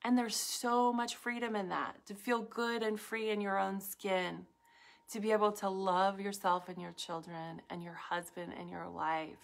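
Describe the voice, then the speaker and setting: A woman talks slowly and gently to her viewers in a live talk, her pitch sitting at a middling level. She speaks in reflective, unhurried phrases, full of "like" and pauses, and at times drops almost to a whisper. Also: flat delivery, vocal fry. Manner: soft, reflective, with frequent "like" and pauses. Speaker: wellness speaker.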